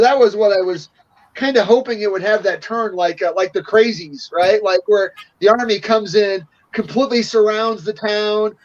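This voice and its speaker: A man in casual chat about tabletop games, talking with animated enthusiasm. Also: high-pitched, highs cut off. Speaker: podcast panelist.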